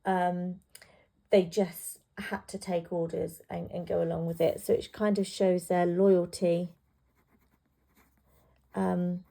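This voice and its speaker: A woman's voice: lowish voice, little pitch movement, slow, creaky, pauses often, dark tone. A woman tutor talking through a poem in a casual revision lesson, with plenty of ums and restarts. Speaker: English literature tutor.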